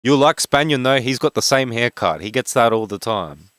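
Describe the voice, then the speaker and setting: Fast-talking Western Sydney streamer. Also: male voice, medium pitch, lively intonation, fairly bright tone, no room sound. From Australia. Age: 20s. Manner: fast-talking, rambling with fillers. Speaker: game streamer. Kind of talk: casual live-stream chat.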